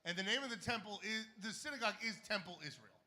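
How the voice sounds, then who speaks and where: Guy doing standup, wry punchy delivery, real bright edgy voice, club reverb hanging on it. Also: high voice, lively intonation, fast. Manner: wry, punchy, dark jokes. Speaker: stand-up comedian. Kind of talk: stand-up set. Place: comedy club stage.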